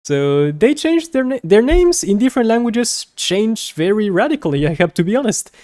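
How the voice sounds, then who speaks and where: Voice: medium pitch, sing-song, moderate pace, darkish tone, dry recording, studio quality. A Spanish teacher giving a beginner lesson, saying each word several times for learners and explaining in plain terms. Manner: explains in plain terms with small personal asides.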